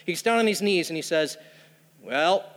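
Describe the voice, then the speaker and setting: A man's voice: on the high side, animated, moderate pace. A man preaching a sermon, telling a story with humorous asides. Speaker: pastor. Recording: long hall reverb.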